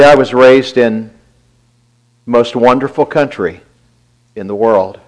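A man giving a devotional talk, earnestly retelling a friend's words and quietly counting his blessings. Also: medium pitch, rough recording. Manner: reflective, quiet listing of blessings.

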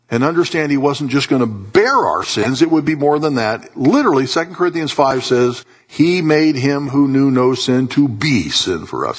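A man preaching a sermon with passion, rising to loud high peaks and dropping to soft low tones. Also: animated, moderate pace, hardly any pauses, husky.

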